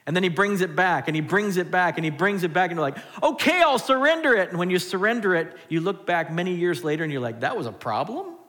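A man preaching a sermon as pastor, animated, swinging between loud and hushed. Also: sits high, fast, few pauses. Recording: long hall reverb.

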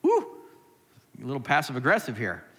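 A man's voice: mid-range voice, lively intonation, moderate pace, fairly bright tone. Man preaching in a reverberant hall. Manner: conversational preaching with rhetorical questions. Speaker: pastor. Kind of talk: sermon.

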